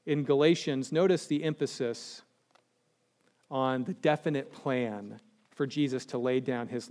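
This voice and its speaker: A male pastor preaching a sermon, animated, dropping to slow and hushed when he quotes scripture. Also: medium pitch.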